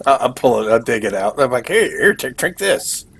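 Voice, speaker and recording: A man's voice: mid-range voice, very animated, normal speed, gravelly, a bit bright, breathy edge. A man playing a tabletop game, speaking in character in a playful, chatty way. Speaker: player.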